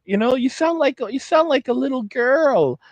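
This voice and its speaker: A man's voice: extremely high pitch, expressive, moderate pace, no room sound, voice pushed up. A man putting on the voice of a picky young woman who turns down a suitor, in a whiny, mocking and exaggerated way.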